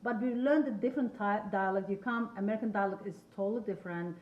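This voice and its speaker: A middle-aged woman whose first language is not English, chatting casually as a podcast co-host, animated and laughing often. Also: medium pitch, quick pace. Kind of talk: casual chat. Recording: roomy, dull lo-fi sound.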